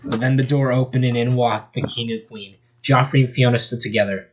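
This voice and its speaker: A man's voice: mid-range voice, fairly even intonation, brisk, lo-fi sound. Young man reading a fan story aloud. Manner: chatty, laughs at the text, off-script asides. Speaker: amateur story reader.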